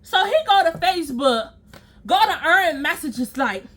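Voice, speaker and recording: High, bright woman telling a story. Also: expressive, unhurried. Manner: emphatic, profane, reenacts scenes with sound effects. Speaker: storytime vlogger. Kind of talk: animated casual storytelling.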